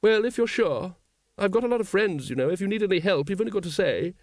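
A hearty, well-meaning noblewoman who breeds dragons, put on by a man reading an audiobook, her voice lifted well above his own and bouncing with lively intonation. She talks briskly and breezily, unflustered. The sound is close and dry. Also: high-pitched, no room sound, pitched above the performer's own voice. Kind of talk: audiobook character voice.

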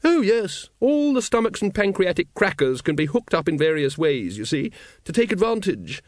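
A hearty, well-meaning noblewoman who breeds dragons, put on by a man reading an audiobook, her voice lifted well above his own and bouncing with lively intonation. She talks briskly and breezily, unflustered. The sound is close and dry. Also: high voice, dry recording, voice pushed up. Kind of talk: audiobook character voice.

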